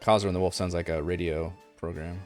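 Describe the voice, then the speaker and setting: A man's voice: deep voice, steady tone, quick pace, soft background music. A man running an online tabletop game as game master, talking casually and thinking aloud with many fillers.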